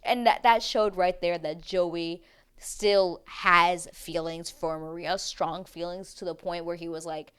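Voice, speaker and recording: A woman's voice: on the low side, steady tone, a little slow, fairly bright tone, smooth. Chatty, dramatic young woman recapping TV. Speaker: TV recap vlogger. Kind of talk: casual recap chat.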